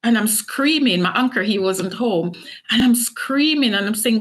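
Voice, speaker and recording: Speaking at a moderate pace in a fairly high, expressive voice, a middle-aged Jamaican author recounts her personal story in an interview. She's earnest and emotional, voicing quotes as she retells events.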